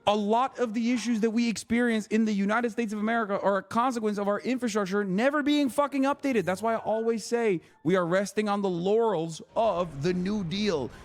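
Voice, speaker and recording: A man's voice: high-pitched, fairly quick, hardly any pauses. A man livestreaming political commentary, ranting emphatically and swearing freely.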